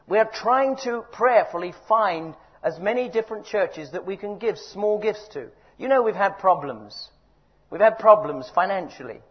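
An older man preaching a sermon, emphatic and exhorting, his voice rising loud and dropping quiet. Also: sits high, lively intonation, moderate pace, slightly rough. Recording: dull lo-fi recording.

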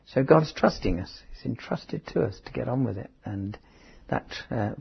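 A man preaching a conversational Bible teaching, halting, with restarts and asides. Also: medium pitch, animated. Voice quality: very husky. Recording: dull lo-fi sermon recording.

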